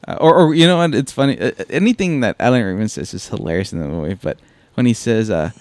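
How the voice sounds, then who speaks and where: Gravelly-voiced man chatting casually. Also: mid-range voice, quick pace, dry recording. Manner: animated, quotes movie lines with laughter. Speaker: podcast co-host. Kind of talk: casual chat.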